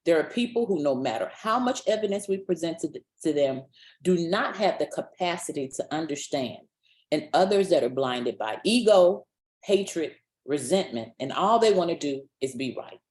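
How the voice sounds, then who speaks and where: A woman voicing a wise male lion, king of the jungle, in a fable she retells during a webinar talk, speaking in a calm, measured way. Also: low-pitched, echoey room.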